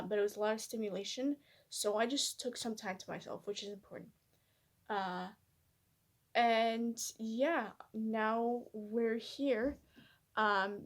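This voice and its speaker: A woman vlogger talking candidly and reflectively to her camera, hesitant and soft-spoken, with many fillers and restarts. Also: on the high side. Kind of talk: personal reflective vlog.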